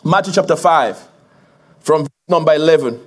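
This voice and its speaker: A man's voice: a little high, animated, moderate pace. A man preaching a sermon as a pastor to his congregation, building emphasis with repeated phrases and laughing along with the crowd.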